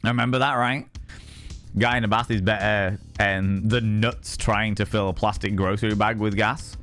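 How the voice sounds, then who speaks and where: Chatty, cussing streamer. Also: male voice, fairly low pitch, steady tone, normal speed, faint music behind. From Yorkshire, England. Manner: chatty and swearing, greets viewers warmly by name. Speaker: livestream host. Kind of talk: casual live-stream chat.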